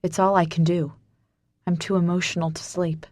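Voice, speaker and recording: A woman narrating a first-person romance audiobook in a soft, emotional, hushed way. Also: on the low side, flat delivery, moderate pace, no echo, studio quality.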